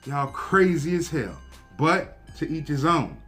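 A man with a slightly higher voice, chatting in a loose, slangy way as he shows off a handgun to his viewers. Soft music plays faintly underneath. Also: big pitch swings, measured pace. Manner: laid-back, slangy, talks to viewers directly. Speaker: gun review vlogger. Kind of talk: casual show-and-tell review.

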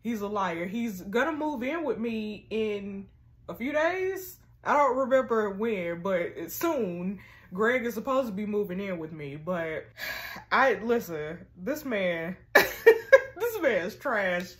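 A woman hosting a text-message game, reading the chats aloud and reacting with sassy, animated commentary. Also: mid-range voice, takes it slowly. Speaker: gaming channel host.

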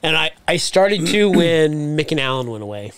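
A man's voice: fairly high pitch, big pitch swings, moderate pace, a bit bright, clear, resonant tone, no echo. A young adult man co-hosting a podcast in casual chat, curious and joking, asking lots of questions. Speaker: podcast co-host.

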